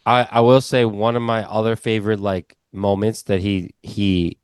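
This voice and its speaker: A man with a New York accent, co-hosting a podcast in casual chat, telling rambling, animated stories full of fillers. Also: fairly low pitch, moderate pace, clear, resonant tone, dry recording. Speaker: podcast co-host.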